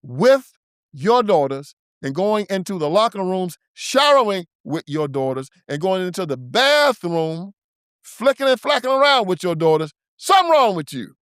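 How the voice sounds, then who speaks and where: A man's voice: high voice, very animated, moderate pace, fairly bright tone, clean tone, no room sound, clean studio sound. A man hosting his own show, delivering an emphatic, preachy and confrontational political commentary monologue. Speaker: show host.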